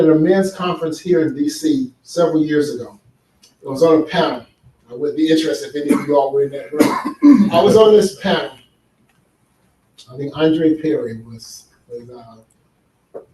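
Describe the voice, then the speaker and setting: A man giving an earnest conference talk, telling stories and asking the audience questions. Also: on the high side. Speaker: speaker. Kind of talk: conference talk on men's healing. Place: large hall with an audience. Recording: echoey hall, speaker far from mic.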